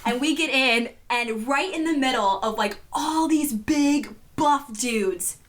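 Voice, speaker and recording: A young woman on a podcast, telling a story in casual chat, animated and full of filler words. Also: high-pitched, slow. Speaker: podcast co-host.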